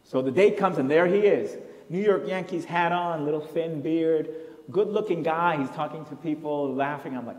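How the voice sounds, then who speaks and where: A man's voice: fairly high pitch, brisk. Man telling stories on stage. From Puerto Rico. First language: Spanish. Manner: animated storytelling with wry asides. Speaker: professor and solo performer. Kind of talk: one-man stage storytelling. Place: large hall on stage. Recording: echoey hall, live stage.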